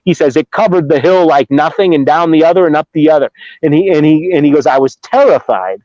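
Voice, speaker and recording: A man's voice: on the high side, fairly quick, darkish tone, no room sound. A middle-aged man from Ohio, telling a story in a casual, rambling way, with restarts and acted-out quotes. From Ohio, USA. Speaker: Bigfoot researcher guest. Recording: dull lo-fi dry remote audio.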